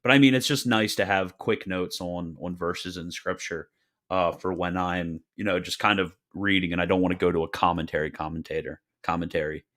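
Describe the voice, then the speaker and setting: A man with a somewhat low voice reads viewer questions aloud on a casual livestream. He answers in a loose, wry way, trailing into joking asides and laughing often. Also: steady tone, brisk, fairly bright tone. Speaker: streamer reading viewer questions.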